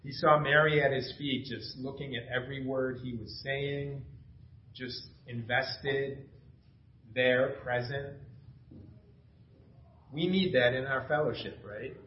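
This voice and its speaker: A man's voice: mid-range voice, fairly even intonation, slow, long pauses, slight background noise. A middle-aged man preaching a casual, enthusiastic sermon, telling family stories with laughter. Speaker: pastor. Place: church sanctuary. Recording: echoey dull church recording.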